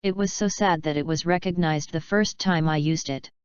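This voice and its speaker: Mulher lendo como um rapaz estudante atrapalhado. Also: female voice, low-pitched, moderate pace, smooth, no echo, dull audio, lightly acted. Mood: flustered. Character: teenage boy student hiding secret powers.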